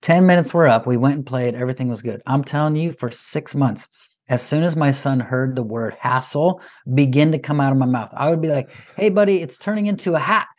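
A man in his thirties, a father talking as a guest, telling stories in a lively, casual way. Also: mid-range voice, fairly quick. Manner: animated, lively storyteller. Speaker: parent sharing advice as a podcast guest. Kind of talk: casual conversational storytelling.

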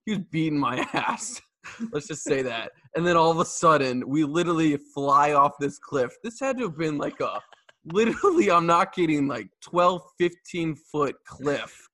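A man's voice: fairly high pitch, lively intonation, normal speed, bright, forceful tone, no echo, studio quality. A young man in his twenties casually retelling a story to a friend, laughing often and swearing.

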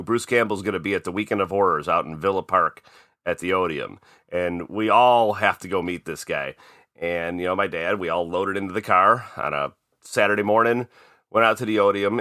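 A man from Chicago, co-hosting a casual podcast and telling stories in a lively, profane way. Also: sits low, a little fast, dry recording, studio quality. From Chicago, USA. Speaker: podcast co-host.

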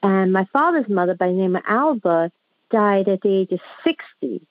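A woman phones in to a radio show and rambles hesitantly, full of fillers and restarts. Her mid-range voice is expressive and moves at normal speed, with no echo, though the phone line sounds tinny.

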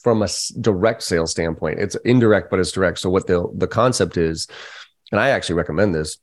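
A middle-aged man, a podcast guest and sales trainer, telling lively stories in casual, profane chat. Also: deep voice, fairly quick. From United States. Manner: animated storyteller, casual and profane, acts out quoted voices.

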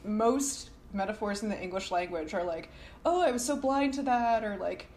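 A woman's voice: medium pitch, normal speed, a little mellow, a little hiss or hum. A woman hosting a podcast interview, playful and teasing, who laughs often. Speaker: podcast host. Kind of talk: casual podcast chat.

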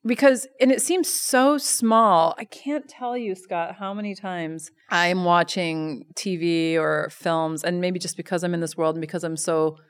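A woman with a slightly low voice speaks as an interview guest. She tells stories with animation and pads her thoughts with frequent fillers. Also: measured pace, hardly any pauses, clear, resonant tone. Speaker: guest, somatic educator. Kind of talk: conversational interview.

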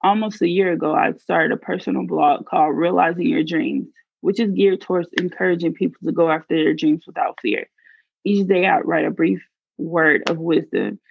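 Gravelly woman reading her own story. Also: fairly low pitch, dry recording, narrow, tinny audio. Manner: earnest, confessional. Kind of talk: first-person story reading.

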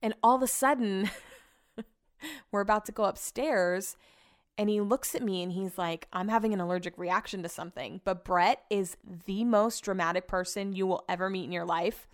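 A woman's voice: mid-range voice, moderate pace, smooth. A young woman casually telling viewers a funny story, chatty, laughing often and swearing freely. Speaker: vlogger.

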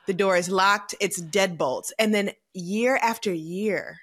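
A woman's voice: medium pitch, slow pace, fairly bright tone. Woman, 30s, podcast co-host; earnest, reflective, emotional delivery in casual chat.

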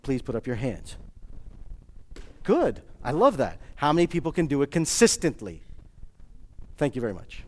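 Man, fairly high voice, joking motivational speaker, quizzes the audience, long hall reverb. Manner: energetic, joking, quizzes the crowd. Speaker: speaker addressing a live audience. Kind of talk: live motivational talk.

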